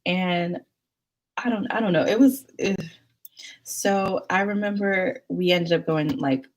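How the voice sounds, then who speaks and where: A woman's voice: lowish voice, unhurried. A young woman vlogger telling a story in casual chat, acting out the people she quotes and laughing often.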